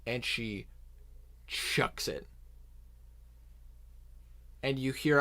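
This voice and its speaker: A man narrates a tabletop game as its dungeon master, in an easy voice of middling pitch. He paces himself slowly and often stops to rephrase mid-sentence. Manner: unhurried narration with many restarts and asides.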